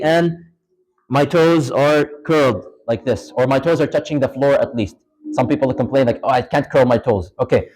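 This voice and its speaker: His voice is a little high with a darkish tone, recorded in low quality. A male religious teacher, he gives an informal lecture in a mosque hall, quizzing the class, restating points, and adding short Arabic phrases and recitations as live demonstration.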